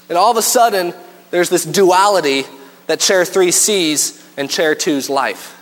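High-voiced male preacher in echoing hall. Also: unhurried. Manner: animated storytelling, acts out scenes. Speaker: pastor. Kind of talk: sermon. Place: church.

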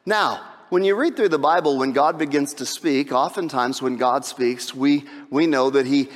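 A man preaching a sermon as a pastor, lively and emphatic, with shouted high points and a habit of asking "right?". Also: moderate pace, few pauses, big-room sound.

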